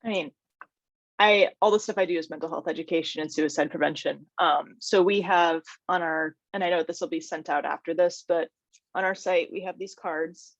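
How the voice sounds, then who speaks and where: Woman guest speaker, mental health educator, lowish voice, dull dry call audio, chatty with fillers. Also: fairly even intonation, normal speed, no room sound. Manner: conversational, frequent "um" and "like". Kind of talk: casual panel discussion.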